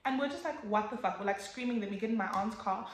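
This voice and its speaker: Young woman vlogger, animated swearing storyteller, echoey room. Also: fairly high pitch, fast. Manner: animated, swears, acts out quotes with sudden loud jumps. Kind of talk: casual storytime.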